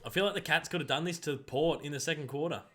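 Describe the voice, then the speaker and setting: An Australian man streaming casual live play-by-play, excitably rattling off player names and breaking into loud calls. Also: a little high, fast, soft background music. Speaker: streamer commenting on a live game.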